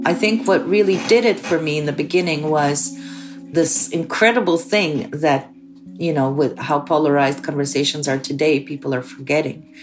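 A woman's voice: deep voice, normal speed, over music. A woman filmmaker from the Soviet Union recounting a personal story candidly, with frequent "like" fillers. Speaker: filmmaker guest.

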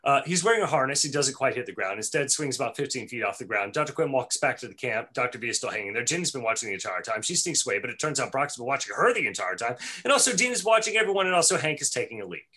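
A man's voice: mid-range voice, very animated, racing, hardly any pauses, bright, forceful tone, breathy edge. A man co-hosting a podcast, casually recapping a cartoon episode scene by scene and laughing often. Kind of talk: casual chat and plot recap.

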